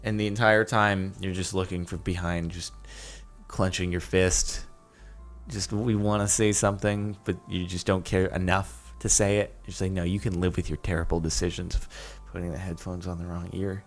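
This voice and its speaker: A man's voice: sits low, level tone, moderate pace. Exasperated young man ranting over music. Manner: exasperated, ranting, rising to loud outbursts. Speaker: YouTuber reacting to posts. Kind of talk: casual commentary.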